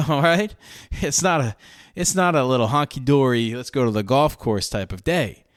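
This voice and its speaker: Brief: punchy New co-host, mid-pitched, repeats points for emphasis, dry sound. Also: male voice, unhurried, no echo. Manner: emphatic, swears, repeats himself. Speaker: podcast co-host. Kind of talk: casual chat.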